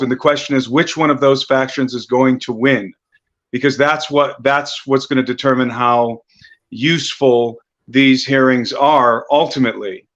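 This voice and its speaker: A man speaking as an interview guest, explaining at length in an earnest, steady way with some restarts. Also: mid-range voice, dull audio. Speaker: guest researcher. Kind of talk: interview answers.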